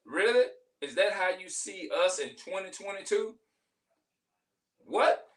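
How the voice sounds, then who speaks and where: A man's voice: high-pitched, moderate pace, fairly bright tone, recorded from a distance. A middle-aged man venting in a heated, profane, rambling monologue, repeating himself as he goes. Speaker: vlogger.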